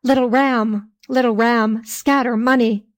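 A woman voicing a hot-tempered, drunken peasant man in a fairy tale, read slowly. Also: on the high side, steady tone, lightly acted. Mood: angry.

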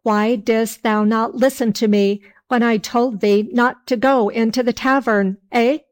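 A stern old father wind from a fairy tale, scolding a foolish man, as a woman reads him aloud. The lines come slowly and deliberately, in a fairly high voice. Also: fairly even intonation, natural voice. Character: gruff old male wind spirit, scolding.

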